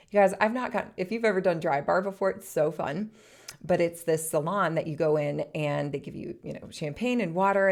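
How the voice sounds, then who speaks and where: A woman's voice: deep voice, a little mellow. A woman hosting a podcast, telling a personal story in a chatty way and laughing often. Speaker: podcast host.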